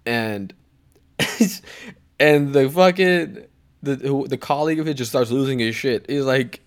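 Measured in pace and medium in pitch, a young man co-hosting a podcast chats casually, rambling through a story, swearing a lot and trailing off on side tangents.

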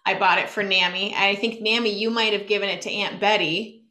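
A young woman co-hosting a podcast, telling stories in a lively chatty way and laughing often. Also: medium pitch, a little fast, echoey room. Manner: animated storytelling, laughs often. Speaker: podcast co-host. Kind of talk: casual chat.

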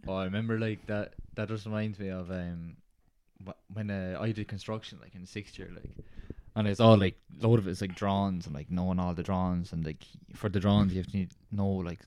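A man's voice: deep voice, steady tone, a little fast, darkish tone, smooth. A young Irish man in his twenties, co-hosting a podcast and telling rambling stories full of "like" fillers. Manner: rambling storyteller, many "like" fillers. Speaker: podcast co-host. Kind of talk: casual chat.

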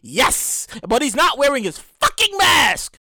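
High-voiced, lively man hosting a podcast. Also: brisk, no room sound. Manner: animated, profane, repeats himself, shouts in acted reactions. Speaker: podcast host. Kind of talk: casual solo podcast monologue.

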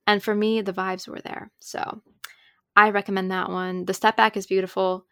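A young woman in her twenties talks casually on a podcast, filling her sentences with likes and ums. Her voice is smooth and clear. It sounds dry and close to the mic. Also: medium pitch, flat delivery, normal speed, a bit bright, no echo. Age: 20s. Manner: chatty, filler-heavy with frequent "like" and "um". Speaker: podcast co-host. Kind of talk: casual chat.

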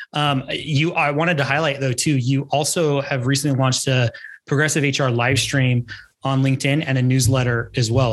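A man hosting a podcast interview, friendly and encouraging, asking questions in a casual way. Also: medium pitch. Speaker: podcast host.

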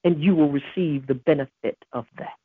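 A woman's voice: deep voice, moderate pace, breathy edge, no room sound, phone-quality sound. A woman hosting a devotional podcast, preaching earnestly and emphatically and quoting scripture. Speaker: podcast host.

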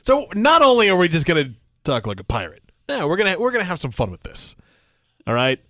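A man's voice: high voice, huge pitch swings, fairly quick, pushed and bright, no room sound. A man hosting a morning radio show in a studio, leading an upbeat segment. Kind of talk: radio host banter.

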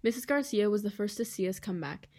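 A woman's voice: medium pitch, expressive, fast talker, a little mellow. Woman reading a novel aloud. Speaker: audiobook reader. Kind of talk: first-person novel reading.

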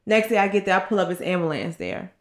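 A fast-talking, animated woman in her thirties with a fairly low voice tells a personal story as a podcast co-host. Blunt and candid, she curses liberally and performs other people's lines. There's a roomy echo on the audio.

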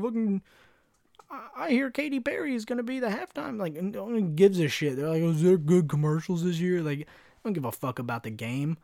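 A man's voice: medium pitch, no echo, clean studio sound. Slangy young man rambling on a podcast. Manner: rambling, slangy, profane storytelling. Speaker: podcast host. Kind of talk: casual solo podcast chat.

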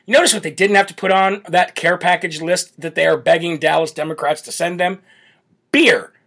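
Brash male political host, high voice, mocking rants from a home setup. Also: fairly even intonation, fairly quick, gravelly, fairly bright tone. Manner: brash, mocking, laughs often. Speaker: political talk show host.

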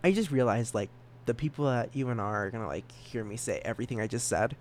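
A man's voice: medium pitch, expressive, fast, slight background noise. A young man hosting a solo podcast, rambling and giggling at himself, with a stutter. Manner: rambling, giggly, self-mocking. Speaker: podcast host.

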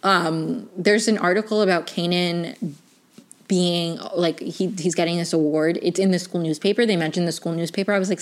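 A young woman chatting casually as she reviews a TV season, rambling with lots of "like" fillers and restarts, gushing and clearly invested. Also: on the low side, fairly even intonation, fairly quick. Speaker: TV review vlogger.

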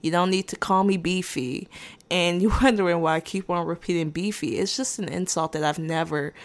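A woman's voice: lowish voice, steady tone, fairly quick. A woman hosting a podcast, telling a rambling story time in a dry, sarcastic and unbothered way. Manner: rambling with restarts and asides. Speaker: podcast host. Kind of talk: casual storytime monologue.

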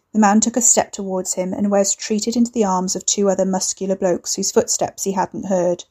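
A woman reading a story aloud in measured, wry scripted narration. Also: medium pitch, level tone, warm tone.

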